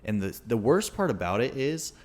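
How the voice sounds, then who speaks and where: A man's voice: mid-range voice, normal speed. A young man co-hosting a podcast, telling a long story in casual chat with lots of restarts. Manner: rambling, animated storytelling with frequent restarts. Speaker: podcast co-host.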